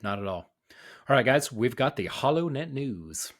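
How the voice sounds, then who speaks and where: A young man co-hosting a podcast with dry, teasing banter. His voice is mid-pitched and relaxed in tone. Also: normal speed. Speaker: podcast co-host. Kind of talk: casual podcast chat.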